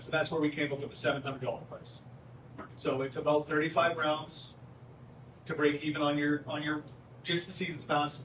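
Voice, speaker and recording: A man's voice: a little high, flat delivery, moderate pace, fairly bright tone. Casual man presenting at a town hall. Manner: casual and joking, lots of "right?". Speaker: golf course manager presenting at a town hall. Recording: roomy, distant mic with faint background noise.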